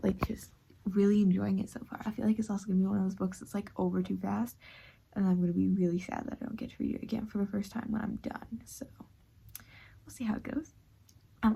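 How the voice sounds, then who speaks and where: A woman's voice: mid-range voice, vocal fry, warm tone, slightly rough. A young woman casually chatting about a book she is reading for her vlog, often half-whispering and using many fillers. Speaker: book vlogger.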